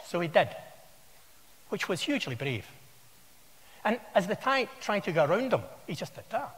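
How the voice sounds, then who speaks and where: A man's voice: high-pitched, very animated, moderate pace, fairly bright tone. A man in his sixties with a Scottish accent, giving a wry, anecdotal conference talk in a large hall. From Scotland. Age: 60s. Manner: wry, anecdotal, conversational storytelling. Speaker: conference speaker. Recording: long hall reverb.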